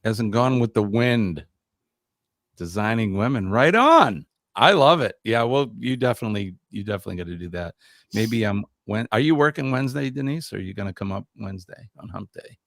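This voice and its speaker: A man's voice: on the low side, animated, fairly quick, no echo, clean studio sound. A man hosting a casual live stream, chatty and upbeat, reading out viewer comments during a quiz.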